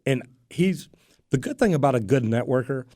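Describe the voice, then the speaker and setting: A man's voice: medium pitch, expressive, moderate pace, warm tone, dry recording. Guy on a radio talk show, plumber, tells stories and does little quotes, mid voice, dead dry studio sound. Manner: easygoing storyteller, acts out quoted dialogue. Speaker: plumbing business owner and radio show host. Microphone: studio microphone.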